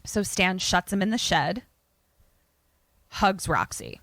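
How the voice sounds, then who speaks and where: A woman's voice: lowish voice, animated, takes it slowly, fairly bright tone, no room sound. Young woman podcast host retelling a horror movie, chatty, swears a lot, dry close mic. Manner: chatty and profane, with many fillers. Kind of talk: casual film recap.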